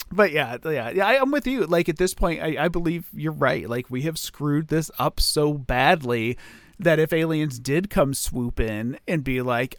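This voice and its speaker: A man's voice: fairly high pitch, animated, unhurried, dry recording, clean studio sound. A man co-hosting a podcast in casual chat, rambling with restarts and laughing easily. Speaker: podcast co-host.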